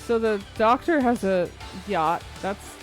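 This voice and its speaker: A woman's voice: mid-range voice, slow, faint music behind. Wry swearing woman streamer. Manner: chatty, wry, swears casually. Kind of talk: casual gameplay commentary.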